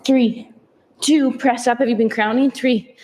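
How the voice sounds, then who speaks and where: A woman coaches push-up sets, counting down each hold with an upbeat manner. Her voice sits a little high and her pacing is slow and deliberate. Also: steady tone, mellow, a little hiss or hum, low-quality recording. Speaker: fitness instructor. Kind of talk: follow-along workout cueing.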